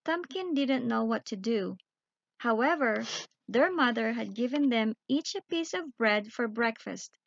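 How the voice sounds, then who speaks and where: Storyteller: higher-pitched woman, calm bedtime reading, dry close sound. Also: dry recording, highs cut off. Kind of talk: read-aloud children's story.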